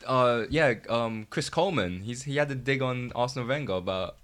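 Lively young man. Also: medium pitch, normal speed. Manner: animated, swearing, laughs often. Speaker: podcast co-host. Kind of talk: casual football chat.

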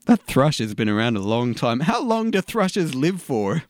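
A man's voice: medium pitch, very animated, normal speed, no room sound. Guy doing a pompous dm bit, swoopy voice, super dry. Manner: pompous mock-scholarly rambling. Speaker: dungeon master in a comedy sketch. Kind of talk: scripted comedy role-play.

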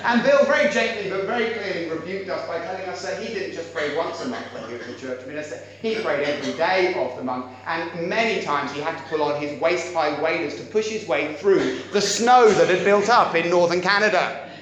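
Echoey preacher asking searching questions. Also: male voice, a little high, a little fast. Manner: questioning, rhetorical, with wide swings between loud and quiet. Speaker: pastor, church elder. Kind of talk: sermon. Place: church hall. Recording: very echoey church hall, faint noise.

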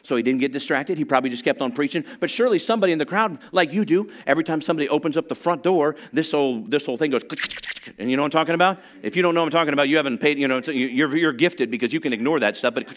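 A man's voice: on the high side, rapid-fire, few pauses. A man preaching a sermon, telling a story with humor and acting out the voices of the people in it. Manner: animated storytelling, acts out voices, humorous asides. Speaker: pastor.

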